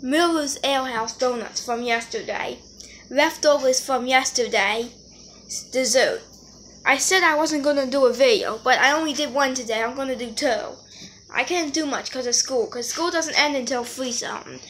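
A woman's voice: high-pitched, normal speed, a bit bright, slight background noise. A woman vlogging casually while eating, chatty, talking between bites and correcting herself as she goes.

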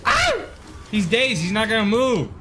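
A man streaming a video game with a friend, cursing, yelling at enemies and giggling through rambling asides. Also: a little high, moderate pace, noisy background. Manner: excitable, yells and curses at the game. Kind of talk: casual gaming stream chat.

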